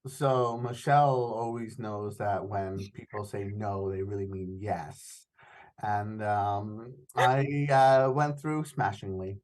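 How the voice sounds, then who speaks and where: A man's voice: lowish voice, steady tone, takes it slowly, a little mellow. A man playing a tabletop role-playing game, narrating his character's moves. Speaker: player.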